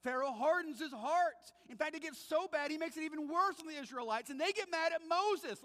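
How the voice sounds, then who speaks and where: A man preaching in a church sanctuary, retelling the story with lively animation and slipping into the voices he quotes. His voice sits high and sounds bright and forceful. A long reverb trails after his words from the big room. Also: moderate pace, hardly any pauses. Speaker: pastor. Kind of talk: sermon.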